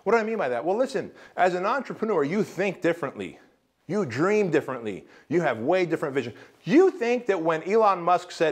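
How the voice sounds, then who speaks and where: A man speaks to entrepreneurs in a motivational seminar style, hammering each point home. His voice sits a little high for a man. He keeps it punchy and often tosses in a rhetorical "right?". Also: lively intonation, fairly quick, husky. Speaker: business coach.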